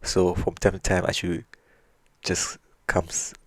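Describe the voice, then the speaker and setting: A man voicing a puzzled, blunt village husband who asks incredulous, quick questions. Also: low-pitched, monotone, no echo.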